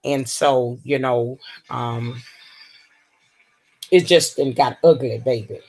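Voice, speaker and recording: A woman's voice: extremely low pitch, darkish tone. A woman hosting a casual livestream, drawling and calling viewers baby and honey. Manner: slow, drawling, full of terms of endearment. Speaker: livestream host.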